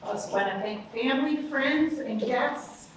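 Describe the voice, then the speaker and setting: A woman's voice: high-pitched, moderate pace. A woman, a college dean giving an upbeat, chatty ceremony speech that speaks straight to the audience. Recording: echoey hall, distant mic, background noise.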